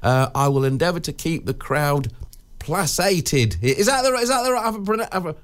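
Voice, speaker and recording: A man's voice: fairly high pitch, fairly quick, fairly bright tone, clear, resonant tone. A man presenting a radio show in casual chat, rambling and joking with studio colleagues. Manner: rambling, jokey, self-interrupting.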